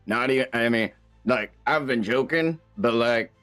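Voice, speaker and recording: A man playing in a tabletop role-playing game, excitable and loud in casual banter. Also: medium pitch, normal speed, soft background music. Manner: loud, excitable, shouts and laughs often. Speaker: player.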